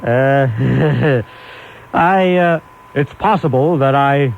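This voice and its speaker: A man's voice: medium pitch, very slow, creaky. A man from Brooklyn hosting a late-night call-in radio show, sardonic, wordy and testy with callers. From Brooklyn, New York. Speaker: radio talk show host. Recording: muffled AM radio broadcast with faint hiss.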